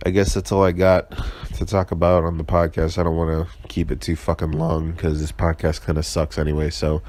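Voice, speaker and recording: A man's voice: low-pitched, little pitch movement, fairly quick, a little mellow, slight background noise. A young man hosting his own casual podcast, hungover, sarcastic, rambling and swearing constantly with lots of fillers and restarts. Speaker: podcast host. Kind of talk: casual solo podcast check-in.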